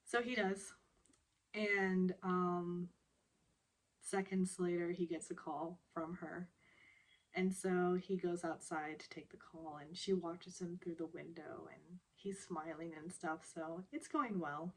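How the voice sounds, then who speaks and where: A woman's voice: on the low side, fairly even intonation, takes it slowly. A young woman recapping a television drama episode in a casual, chatty way, laughing often and acting out the characters' lines. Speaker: recap vlogger.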